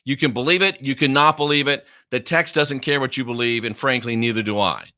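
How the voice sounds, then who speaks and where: A man's voice: medium pitch, a little fast, bright, forceful tone. A man teaching scripture in a combative, mocking way, hammering points with emphatic repetition. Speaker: minister. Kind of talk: confrontational Bible teaching.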